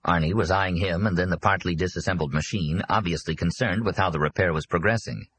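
A man narrating an audiobook in a steady, measured storytelling manner. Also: low voice, a little hiss or hum, rough recording. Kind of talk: scripted narration.

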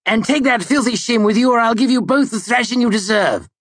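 A pompous young nobleman, shrill high voice, loud, sneering, dry recording. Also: fairly quick, dry recording. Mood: furious, sneering.

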